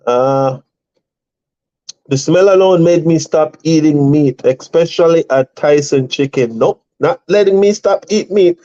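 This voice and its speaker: A man's voice: fairly high pitch, takes it slowly, warm tone, muffled recording. A man hosting a live stream for truck drivers, telling rambling stories in casual chat and laughing often.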